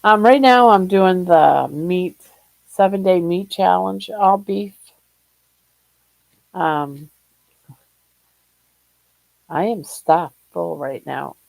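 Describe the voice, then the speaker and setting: An older woman from Ohio hosting a casual livestream chat, short of breath, talking in a slow, relaxed way and greeting viewers by name. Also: on the low side, creaky, dry recording, poor audio. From Ohio, USA. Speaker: livestream host.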